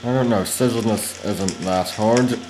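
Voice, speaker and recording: A man rambling through casual gameplay commentary, chatty and wandering, with sudden loud playful yells during fights. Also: on the low side, unhurried, heavy background noise. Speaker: gaming video host.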